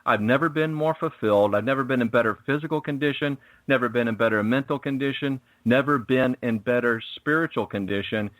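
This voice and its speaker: A man's voice: mid-range voice, brisk, few pauses, fairly bright tone, no room sound, poor audio. A man speaking as a radio guest, telling stories in a preachy, emphatic way. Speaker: guest, spiritual network host. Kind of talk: casual radio interview.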